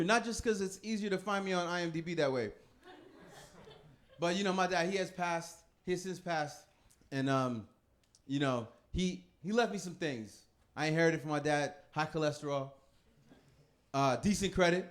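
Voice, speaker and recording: A man in his thirties performs a stand-up comedy set with a fairly high voice. He tells stories in a loose, laughing way and jumps quickly into other people's voices. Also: a bit bright.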